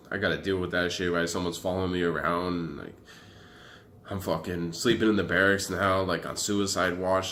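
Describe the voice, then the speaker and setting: A man's voice: deep voice, a little hiss or hum. A young man telling his story to camera in a casual, profane, rambling way. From Arizona. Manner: profane, animated, loose and rambling. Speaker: vlogger.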